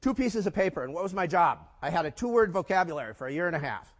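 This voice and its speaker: A man's voice: sits high, fast talker. Older man telling stories in a reverberant hall. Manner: lively storyteller quizzing the audience with rhetorical questions. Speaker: keynote speaker. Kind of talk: storytelling conference talk. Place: conference hall before a live audience. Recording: long reverb of a large hall.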